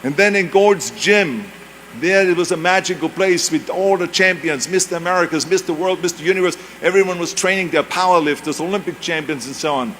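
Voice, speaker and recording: At a university event, a European man in his seventies gives an emphatic, anecdote-driven motivational talk laced with jokes at his own expense. His voice is high and a bit bright, his pace fairly quick, and he speaks with a German accent as a native German speaker; there's slight background noise.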